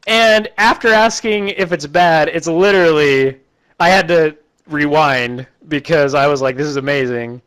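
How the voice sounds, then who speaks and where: A man recapping a terrible movie in a casual, rambling, deadpan way, quickly putting on the characters' voices. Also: on the high side. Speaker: host recapping a bad movie.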